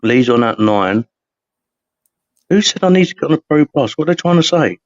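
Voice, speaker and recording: Man co-host, lively teasing delivery, dry close mic, slightly dull sound. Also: medium pitch, no echo. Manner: teasing, jokey, quick questions. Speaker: podcast co-host. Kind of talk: casual live podcast chat.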